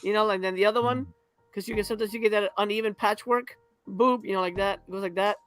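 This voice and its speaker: A man's voice: high-pitched, fairly even intonation, quick pace, a bit bright, no echo, soft background music. A man on a movie review panel, talking in a crude, sarcastic, rambling way and laughing often. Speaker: podcast panelist. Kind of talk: casual movie review chat.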